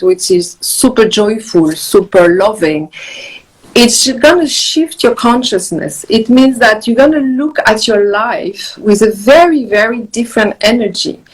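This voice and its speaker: A woman's voice: mid-range voice, husky, low-quality recording. A woman with a French accent on a video call, talking earnestly about balance and meditation, repeating words as she goes. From France. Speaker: guest, wellness author. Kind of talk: casual video chat on meditation. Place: countryside home.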